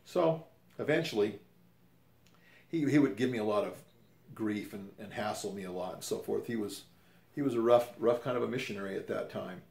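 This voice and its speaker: A man's voice: on the low side, normal speed, vocal fry, a little mellow. Rambling grandfatherly man in a roomy space. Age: 50s. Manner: rambling, self-correcting, conversational. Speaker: storyteller. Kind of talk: casual personal storytelling. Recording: roomy echo.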